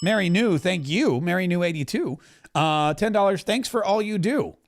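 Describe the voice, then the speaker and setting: A man's voice: high-pitched, expressive, normal speed, slight background noise. A man hosting a live stream, chatting casually and wryly over a broadcast and thanking viewers for donations. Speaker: podcast host commenting on a live broadcast.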